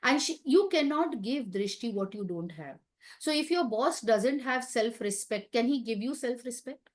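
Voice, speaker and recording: A woman's voice: on the high side, expressive, moderate pace. A woman giving a light-hearted teaching talk, emphatic and conversational, putting questions to her audience. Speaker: wellness talk speaker.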